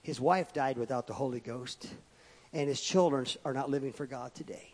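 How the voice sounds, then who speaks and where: A man, preaching a sermon as pastor, emphatic and swinging between loud declarations and quiet asides. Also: mid-range voice, moderate pace. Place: church sanctuary. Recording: long reverb of a church hall.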